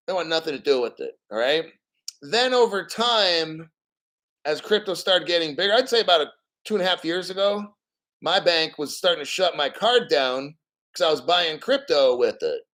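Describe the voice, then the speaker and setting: A man's voice: fairly high pitch, a bit bright. A middle-aged man hosting a crypto channel, ranting casually and bluntly with plenty of swearing and reading out bits of news. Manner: blunt, profane, rambling, reads out news. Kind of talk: casual live stream rant.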